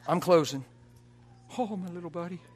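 A man preaching a sermon to a live audience in a church, emphatic, swinging from soft asides to loud exhortation and often laughing and urging the crowd on. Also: sits high, normal speed. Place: church or conference hall before a live audience.

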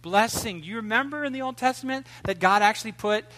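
A man preaching a sermon in an animated, joking way, swinging between loud outbursts and hushed asides. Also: sits high, quick pace. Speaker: pastor.

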